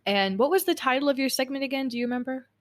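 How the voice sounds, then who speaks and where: A young podcast host with a high voice talks in an animated, rapid-fire way during a casual interview. She's warm and talkative, rambling through stories and tangents.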